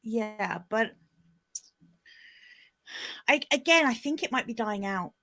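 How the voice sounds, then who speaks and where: A woman's voice: on the high side, slow. A British woman chatting playfully as a guest in a casual conversation. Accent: British English. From England. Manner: lively, playful. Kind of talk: casual chat.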